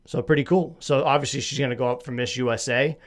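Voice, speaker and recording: A man's voice: medium pitch, steady tone, fast. A man from Massachusetts hosting a solo podcast, chatting casually in a rambling, self-deprecating, jokey way with a slight lisp. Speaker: podcast host.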